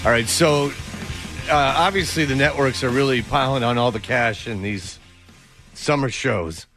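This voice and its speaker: A man's voice: mid-range voice, measured pace, music in the background. A man co-hosting a casual radio sports chat with joking, rambling banter. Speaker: co-host.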